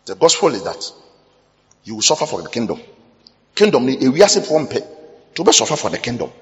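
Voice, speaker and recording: A man with a Ghanaian accent preaching a sermon, mixing English with Twi and breaking into sudden loud bursts. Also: mid-range voice, sing-song, fairly quick, lo-fi sound. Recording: long hall reverb.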